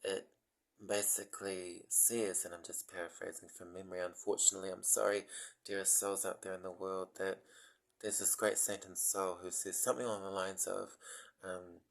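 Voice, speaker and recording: A man giving a gentle spiritual talk on mantra meditation, soft-spoken and apologetic, pausing often with ums. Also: sits low, level tone, gravelly, poor audio. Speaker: meditation teacher.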